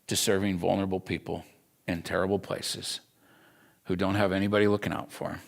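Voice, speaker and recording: Deep gravelly man telling a story. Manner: earnest, emotional storytelling. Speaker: Bible school instructor. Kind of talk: personal story in a class lecture.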